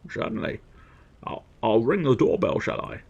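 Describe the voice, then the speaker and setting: A man doing a drawling impression of a gruff older Scottish film star, with a gravelly voice. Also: mid-range voice, sing-song, normal speed, darkish tone, muffled recording, exaggerated voice. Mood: mock-polite.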